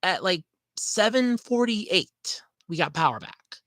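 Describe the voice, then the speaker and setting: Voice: mid-range voice, lively intonation, slow pace, fairly bright tone, no room sound. A podcast host talking casually on a livestream, rambling, scatterbrained and apologetic, ranting in frustration.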